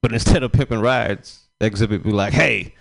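A man's voice: on the low side, steady tone, brisk. A man performing a casual, rambling stand-up set at an open mic, laughing at his own jokes. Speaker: stand-up comedian.

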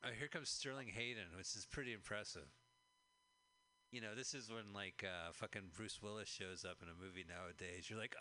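A man's voice: on the low side, moderate pace, sharp tone. A man co-hosting a casual chat over a film, joking around and slipping into silly impressions. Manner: jokey, slips into silly impressions. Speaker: podcast co-host. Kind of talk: casual movie commentary chat.

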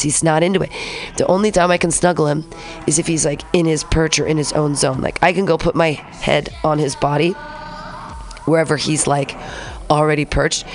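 A woman in her forties hosting a radio show alone, rambling and swearing, emotional as she talks. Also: deep voice. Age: 40s. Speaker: radio host. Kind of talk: casual solo radio talk.

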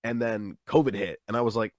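Animated young man, dry close sound. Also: brisk, dry recording. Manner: animated, acts out quotes with jumps in pitch. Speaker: stand-up comedian guest. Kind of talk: casual interview chat.

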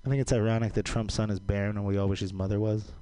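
A man doing a stand-up comedy set, delivering deadpan one-liners with sudden jumps into a loud, high voice. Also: rapid-fire, a little hiss or hum. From Caribbean islands heritage.

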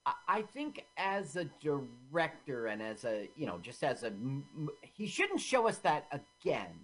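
A woman co-hosting a radio show, reacting excitedly to a film and asking questions about it. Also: rumbling low. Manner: excitable, quick to exclaim and laugh along. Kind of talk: casual commentary while watching a film.

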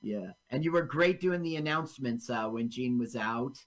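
A man's voice: mid-range voice, expressive, normal speed. A man hosting a radio show and interviewing a guest. He gives short, encouraging replies and asks open questions. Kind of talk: casual interview chat.

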